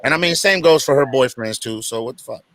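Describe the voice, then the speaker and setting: A middle-aged man with a bright, forward voice, trading quick jokes as a comedian. His manner is brash and loose, and he swears freely. His pitch sits in an ordinary middle range. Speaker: comedian guest. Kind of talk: joking banter on a video call.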